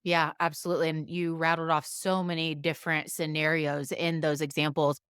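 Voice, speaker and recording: A woman guest on a podcast speaks in a low, smooth voice. She is thoughtful and works her way through examples one step at a time. The sound is close and dry, with no room echo. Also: level tone, moderate pace, a bit bright. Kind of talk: conversational interview.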